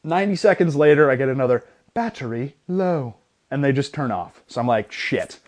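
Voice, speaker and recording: A young man co-hosting a casual sports podcast, retelling a gym story in an animated way with lots of restarts. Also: medium pitch, fast. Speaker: podcast co-host.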